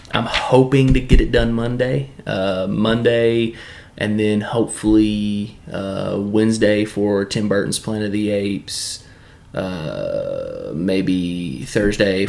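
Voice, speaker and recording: A man's voice: fairly low pitch, slow, vocal fry, a little mellow. A man from Tennessee with a Southern accent, giving a rambling, casual video review with lots of fillers and restarts.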